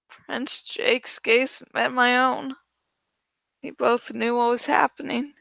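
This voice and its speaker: A woman reading a novel aloud in first-person audiobook narration, slow and deliberate. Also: a little high, level tone, gravelly, a bit bright, no echo. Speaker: audiobook reader.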